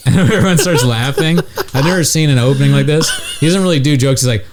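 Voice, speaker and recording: A man's voice: medium pitch, fast talker, noisy background. A man hosting a podcast in crude, casual chat, telling stories and acting out the people in them. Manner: crude, storytelling, acts out voices. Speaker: podcast host.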